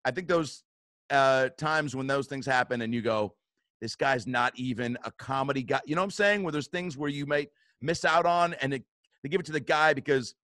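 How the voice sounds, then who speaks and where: A man's voice: a little high, fairly quick, a bit bright, no echo, studio quality. A man hosting a podcast, telling a story casually, swearing often and acting out what people said with bursts of laughter. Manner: swears a lot, acts out quotes, laughs often. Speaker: podcast host.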